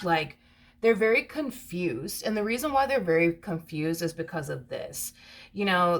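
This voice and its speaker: A woman's voice: fairly low pitch, a bit bright. A woman giving a casual tarot reading, chatty and emphatic, repeating points and calling the listener honey. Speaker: tarot reader.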